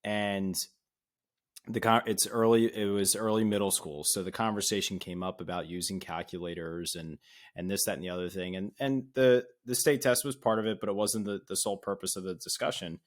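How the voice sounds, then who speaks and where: A man's voice: low-pitched, steady tone, a little fast. A man on an education podcast, explaining things in a casual way with small restarts.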